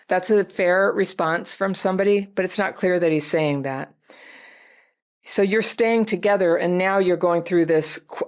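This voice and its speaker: Low-voiced woman giving gentle advice. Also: unhurried. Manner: gentle, reflective, speaks directly to the listener. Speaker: advice host. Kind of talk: advice talk answering a viewer's letter.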